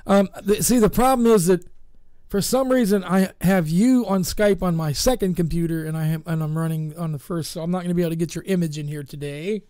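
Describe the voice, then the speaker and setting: High-voiced man hosting a chatty radio show. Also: fairly quick, warm tone, clean tone, dry recording, studio quality. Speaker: radio host. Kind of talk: casual radio chat.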